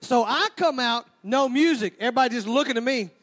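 A man telling a stand-up story, animated and full of mimicked sound effects. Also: very high-pitched, fairly quick. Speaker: stand-up comedian.

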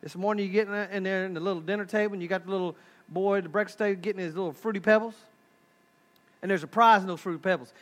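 A pastor with a Texan accent, preaching a sermon in a folksy, humorous, animated storytelling style. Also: male voice, sits high.

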